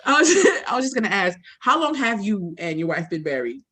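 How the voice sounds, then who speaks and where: A woman from the Bronx hosts a casual interview at an ordinary pitch. She speaks candidly and reflectively and laughs easily. She is heard over a video call. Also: sing-song, brisk, a crowd in the background. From the Bronx, New York. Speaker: host.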